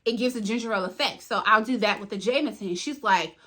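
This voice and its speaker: A young woman vlogger telling a casual storytime, animated, acting out each bit of dialogue and talking straight to her viewers. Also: medium pitch, fast talker.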